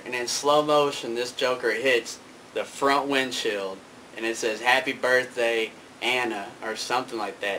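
A man spins a long, loose story in an everyday voice of middle pitch. He rambles, doubling back and padding with fillers as he goes. Faint noise sits behind him. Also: pushed and bright, rough recording. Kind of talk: casual spoken anecdote.

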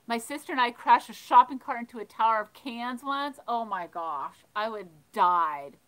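Bright-voiced woman telling a laughing story. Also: a little high, animated, normal speed, poor audio. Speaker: livestream host of a thrifting channel. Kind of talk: casual storytelling while reading live chat.

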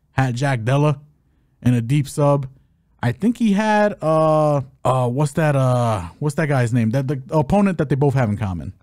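A man's voice: on the high side, no room sound, clean studio sound. Joking, upbeat podcast co-host man. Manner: animated, joking, hype-announcer asides. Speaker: podcast co-host, fight betting analyst. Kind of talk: casual sports betting chat.

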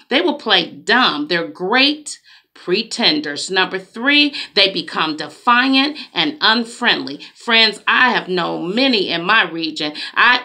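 A woman preaching in a slow, emphatic, conversational way, with dramatic asides. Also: mid-range voice, sharp tone. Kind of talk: preaching monologue.

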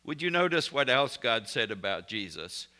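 A man's voice: medium pitch, big pitch swings, moderate pace, sharp tone. A man preaching a recorded sermon in an emphatic, declarative way, speaking blessings and prayers over his listeners.

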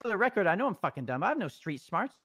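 A man's voice: sits high, very animated, rapid-fire, a bit bright, husky, no echo. A man in a heated improvised roleplay, pleading and swearing constantly in a frantic way. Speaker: roleplay character Stevie.

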